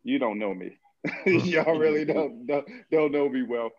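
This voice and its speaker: A man's voice: medium pitch, unhurried, dull audio, a loud crowd. A man who works as a financial advisor, talking casually on a podcast in a blunt, joking way, full of slang. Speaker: financial advisor, show regular.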